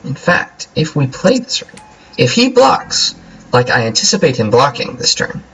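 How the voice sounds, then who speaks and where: Husky young man playing a card game. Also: medium pitch, big pitch swings, normal speed, fairly bright tone, faint music behind, poor audio. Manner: playful, jokey, talks to himself while playing. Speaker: gameplay commentator. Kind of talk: casual game commentary.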